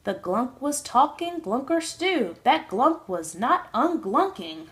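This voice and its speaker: A woman's voice: sits high, very animated, slow pace. A young woman reading a rhyming children's book aloud in a sing-song way. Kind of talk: storybook read-aloud.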